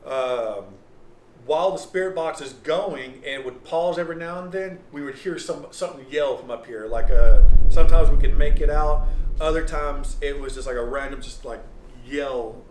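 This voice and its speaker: A man, recounting his experiences as owner of an old lodge in a halting, rambling way with lots of fillers. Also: a little high. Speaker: property owner and paranormal investigator. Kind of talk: casual storytelling interview. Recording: roomy with faint noise.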